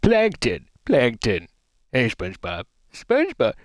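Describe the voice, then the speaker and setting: Tiny scheming cartoon villain, grumpy, nasal, slow drawl, wildly swooping pitch, put on by a man. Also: huge pitch swings, no echo, clean studio sound. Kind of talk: cartoon impression.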